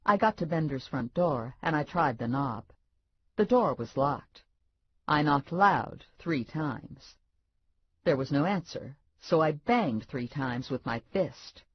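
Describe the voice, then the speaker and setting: A woman narrating an audiobook in first person, wry and expressive with deadpan asides. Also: sits low, slow pace, husky. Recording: dull lo-fi dry audiobook recording.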